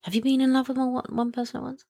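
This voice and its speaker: A woman's voice: sits high, level tone, fast, dark tone, husky. A British woman co-hosting a podcast, chatting casually, hesitant with many ums and restarts, dry and wry. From Britain. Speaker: podcast co-host. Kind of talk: casual chat. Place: in Canada.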